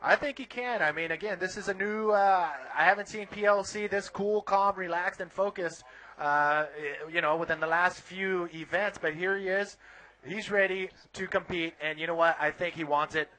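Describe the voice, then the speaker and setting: A man calling live play-by-play at a bodyboarding contest, excitable and rising on the big moves. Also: high-pitched, moderate pace. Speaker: play-by-play commentator.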